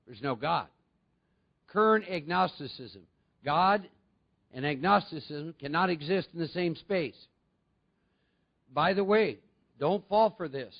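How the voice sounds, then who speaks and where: A man's voice: fairly high pitch, lively intonation, measured pace, creaky, pauses often, lo-fi sound. A man giving a conversational recovery talk to a meeting, often putting questions to his audience. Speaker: recovery speaker.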